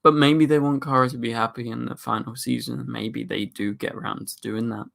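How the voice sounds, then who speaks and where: A man's voice: mid-range voice, steady tone, a little fast, gravelly, fairly bright tone. A young man hosting a casual livestream, reading chat questions aloud and rambling through his answers with plenty of fillers. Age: young adult. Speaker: livestream host.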